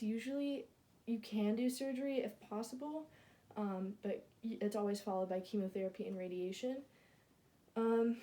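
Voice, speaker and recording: A woman with a mellow, warm tone talks through a class presentation. She stumbles often, fills gaps with um and like, and restarts words partway through. Her pitch lifts when she reads out each new question. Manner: halting, many ums and likes, self-corrects mid-word. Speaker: student presenter.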